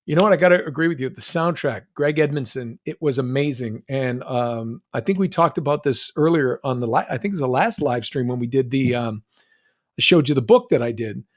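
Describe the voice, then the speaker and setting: A man's voice: medium pitch, fairly quick. A middle-aged man from New England chatting casually on a live stream, reading fan comments and rambling with frequent restarts. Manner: rambling, self-interrupting, reads fan comments aloud. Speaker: voice actor answering fan questions on a live stream.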